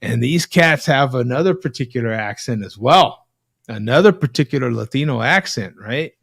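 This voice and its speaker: Animated man telling rambling stories. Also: mid-range voice, moderate pace, creaky, husky, no echo, studio quality. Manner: rambling storyteller, tag questions. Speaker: host. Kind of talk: casual chat. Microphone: video call.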